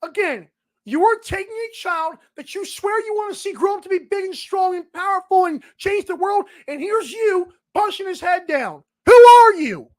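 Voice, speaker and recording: A man's voice: extremely high pitch, normal speed. A man hosting a solo sports podcast, ranting emphatically and repeating lines with sarcasm. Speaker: podcast host.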